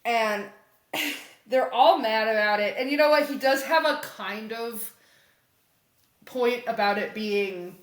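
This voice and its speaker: Animated woman recapping comics, echoey room. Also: fairly high pitch, takes it slowly. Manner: animated storytelling, acts out characters' lines, laughs often. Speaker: podcast co-host. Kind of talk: casual comic recap chat.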